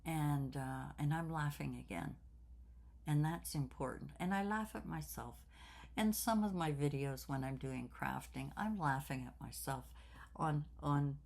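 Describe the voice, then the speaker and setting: A woman in her sixties talking slowly and reflectively in a personal vlog, with many fillers and repeated words. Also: low voice, gravelly, darkish tone. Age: 60s. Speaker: craft channel host.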